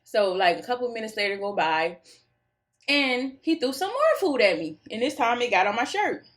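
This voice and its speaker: A woman's voice: a little high, moderate pace. A young woman tells a story to her followers in a goofy, laid-back way. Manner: goofy, laughs easily, animated retelling. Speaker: vlogger telling a story. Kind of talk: casual storytime chat.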